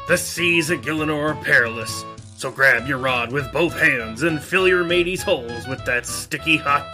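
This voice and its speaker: A man's voice: mid-range voice, natural voice. A man voicing a boisterous pirate ship captain in a comedic parody ad, with bawdy growled interjections. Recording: ad with loud guitar music behind.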